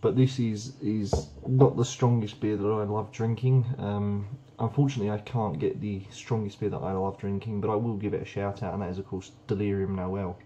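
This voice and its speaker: A man's voice: on the low side, fairly even intonation, moderate pace, few pauses, warm tone, dull audio, a little hiss or hum. A young man chatting casually and enthusiastically while reviewing beers, rambling with plenty of ums. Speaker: beer reviewer. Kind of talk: casual beer review vlog.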